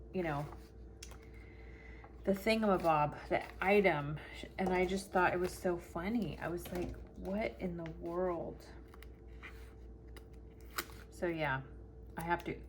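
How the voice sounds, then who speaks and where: Woman, middle-aged, low-pitched, chatty, animated storyteller, home desk, faint background noise. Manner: animated, acts out quotes with laughter. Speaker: planner vlogger. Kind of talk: chatty storytelling while decorating a planner.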